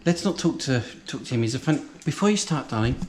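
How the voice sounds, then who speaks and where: A man's voice: medium pitch, lively intonation, fast, a little hiss or hum, lightly acted. A man playing a bossy, posh lady cook in a comic cooking show, teasing and camp, calling everyone darling. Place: home kitchen. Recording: echoey kitchen with loud frying sizzle.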